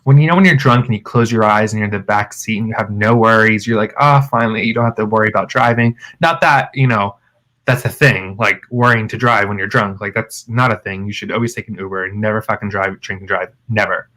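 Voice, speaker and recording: A man co-hosting a podcast, telling a wild story in casual chat, animated, cursing often and calling his friends "girl". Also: fairly low pitch, fast talker, low-quality recording. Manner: animated, swears freely, calls friends "girl". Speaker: podcast co-host.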